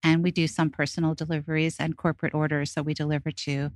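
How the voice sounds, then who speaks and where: A woman's voice: low-pitched, little pitch movement, fast, dry recording. Woman explaining with friendly ease. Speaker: guest, pie shop owner. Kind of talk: radio interview.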